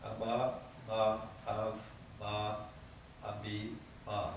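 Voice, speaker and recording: Very slow, flat-voiced student, man. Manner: very slow, flat, halting reading. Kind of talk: reading aloud in class. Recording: echoey room, far off, rumble.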